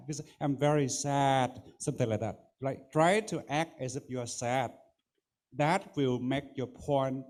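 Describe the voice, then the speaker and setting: A man, coaching a student as a contest judge in an emphatic way, often asking if he is understood. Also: mid-range voice. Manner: coaching, emphatic, repeats "you know what I mean". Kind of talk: spoken feedback to a student.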